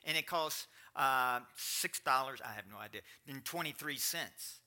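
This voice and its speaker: A man's voice: a little high, steady tone, fairly quick, few pauses, bright, forceful tone. A middle-aged man pastor giving a sermon, chatting plainly with the congregation and then building up to emphatic preaching. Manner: conversational, swinging to rising emphatic preaching.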